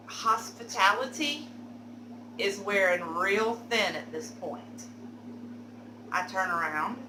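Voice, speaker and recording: A woman telling a candid, animated story for her vlog, cursing now and then. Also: medium pitch, echoey room, background noise. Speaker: beauty vlogger telling a story.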